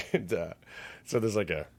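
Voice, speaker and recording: A man's voice: deep voice, unhurried, vocal fry. A man co-hosting a casual podcast chat, rambling and laughing as he retells movie scenes. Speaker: podcast co-host. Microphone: podcast mic.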